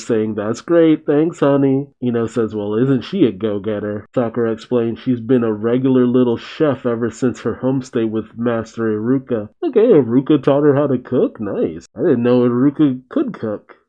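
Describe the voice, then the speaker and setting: A man's voice: medium pitch, mellow, rough recording. A man hosting a manga reaction, reading the panels aloud and breaking in with casual, playful asides and frequent laughs.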